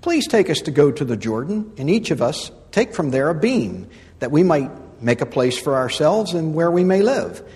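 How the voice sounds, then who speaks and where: Guy preaching a sermon, high lively voice, keeps repeating stuff for punch, echoey church hall. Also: moderate pace. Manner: emphatic, repeats phrases, swings from loud to soft; reads scripture then explains it with humor. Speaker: pastor.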